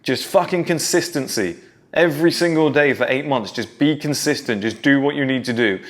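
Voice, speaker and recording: A man's voice: mid-range voice, moderate pace, a bit bright. A man giving a blunt, profane motivational monologue to his followers. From United Kingdom. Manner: blunt, profane, pep-talk. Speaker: self-improvement creator.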